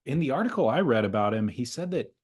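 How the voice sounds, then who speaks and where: A man's voice: medium pitch, sing-song, quick pace, a little mellow, slightly rough. A man co-hosting a podcast in casual chat, chatty and a little pedantic. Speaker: podcast co-host.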